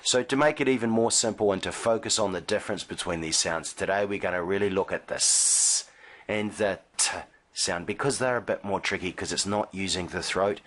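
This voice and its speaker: A man with a very low voice gives a pronunciation lesson straight to camera. He is patient and demonstrative, lingering on long sounds and snapping out short ones to show the difference. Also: a little fast, a bit bright. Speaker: IELTS teacher.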